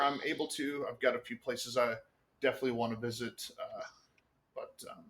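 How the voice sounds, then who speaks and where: A man's voice: mid-range voice, fairly even intonation, fairly quick, fairly bright tone, slight background noise. A man, a guest on a talk show, telling stories in casual chat with lots of fillers and swearing. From United States.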